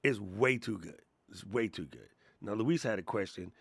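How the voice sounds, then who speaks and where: A man hosting a live creator Q&A stream, talking in an animated, slangy, chatty way. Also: fairly low pitch, moderate pace, slightly rough, dry recording. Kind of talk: casual live-stream chat.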